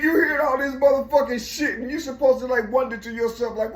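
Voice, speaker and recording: A man's voice: very high voice, steady tone, brisk, slight background noise. A middle-aged man telling a rambling, profane personal story, repeating himself and searching for the right words, recorded in an echoey room. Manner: profane, repetitive, searching for words, keeps saying "you see".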